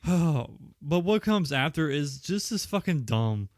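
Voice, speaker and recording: A man's voice: on the high side, very animated, measured pace, darkish tone, no echo, studio quality. A man co-hosting a podcast, recapping a cult film with lots of swearing, laughter and exasperation. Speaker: podcast co-host. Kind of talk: casual film-review chat.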